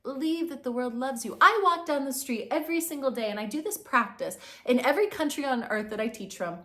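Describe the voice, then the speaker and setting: A young woman giving a spiritual, motivational talk as a manifestation teacher. She is earnest and effusive, rambles with restarts, and swings between soft near-whispers and bright emphatic bursts. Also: high voice, animated, a little fast.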